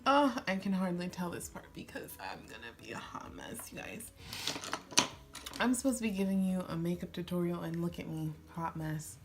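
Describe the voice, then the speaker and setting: A woman in her twenties chatting excitedly while doing a makeup tutorial, gushing and giggling as she tells a story. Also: fairly low pitch, moderate pace, loud music behind the voice. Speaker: beauty vlogger.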